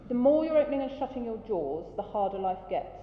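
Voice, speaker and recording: A woman coaching a choir through a rehearsal, brisk and encouraging, demonstrating sounds as she goes. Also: a little high, sing-song. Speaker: choir director. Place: large rehearsal hall. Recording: dull roomy hall recording, faint ambience.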